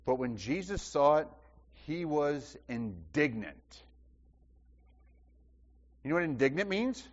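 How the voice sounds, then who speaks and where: A man with a fairly high, very lively voice preaches a sermon, asking the congregation questions and repeating phrases for emphasis. His voice rings through a church hall with a long reverb. The recording sounds dull. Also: takes it slowly, long pauses. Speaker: pastor.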